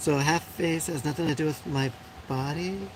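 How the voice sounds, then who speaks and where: A Puerto Rican woman in her forties hosts a live stream, chatting casually with viewers and bluntly answering comments amid lots of fillers and frequent laughs. Her low-pitched, darkish voice moves at a moderate pace. The recording is low quality, with a little hiss or hum.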